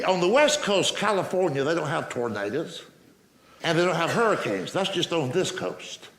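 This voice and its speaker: A man telling stand-up stories in a folksy, cussing drawl, on a stage before a live audience. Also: on the high side. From Southern United States. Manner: folksy drawl, cussing punchlines, lively delivery. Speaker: stand-up comedian. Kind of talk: stand-up storytelling. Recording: noisy live stage recording.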